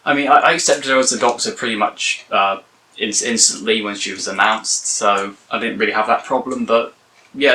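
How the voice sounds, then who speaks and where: A man's voice: lowish voice, sharp tone, recorded from a distance, low-quality recording. A young man giving a casual, rambling spoken review, often correcting himself. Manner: rambling, self-correcting, chatty. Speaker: video reviewer.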